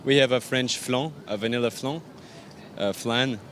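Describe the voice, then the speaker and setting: A pastry chef and bakery owner from Arizona describes his pastries in detail, using fillers, in an on-location interview. His mid-range voice is a bit bright and moderately paced, with faint outdoor traffic noise behind.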